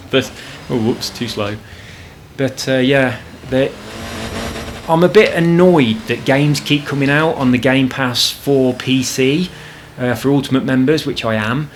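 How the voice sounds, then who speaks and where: A gaming channel host with a mid-range voice talks a little slowly over gameplay in his home apartment, with slight background noise. He chats casually and rambles, swearing freely as he vents his frustrations.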